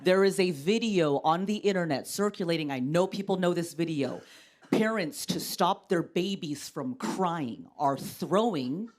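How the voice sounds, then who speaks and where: A woman in her thirties doing a stand-up comedy set on a TV stage, wry and exasperated, acting out the people she quotes at a louder pitch. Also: unhurried. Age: 30s. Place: television studio stage. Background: studio audience laughter.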